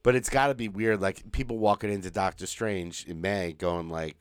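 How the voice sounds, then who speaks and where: A man's voice: sits low, fairly even intonation, moderate pace, smooth, no echo. A man co-hosting a podcast, chatting casually, rambling with restarts and swearing freely. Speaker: podcast co-host. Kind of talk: casual chat.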